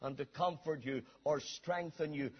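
A man preaching a sermon with emphatic delivery, rising to shouts and dropping to quiet asides. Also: fairly high pitch, steady tone, normal speed, slightly rough. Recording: dull lo-fi sermon recording.

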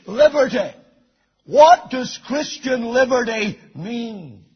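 Slow, husky-voiced male preacher. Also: sits high, muffled recording. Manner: slow, deliberate preaching with emphatic repeated phrases. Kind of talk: sermon.

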